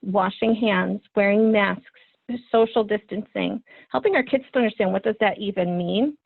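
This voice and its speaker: Presenting a webinar for parents, this trainer in her thirties sounds earnest and encouraging, often saying "um." She speaks at normal speed with a medium-pitched, creaky voice. The video-call audio is dry and phone-like, with no room sound.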